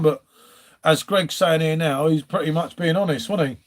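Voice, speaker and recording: A man's voice: on the high side, moderate pace. A man from England hosting a casual live stream from home, rambling and chatting to viewers as he reads out their comments. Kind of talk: casual chat.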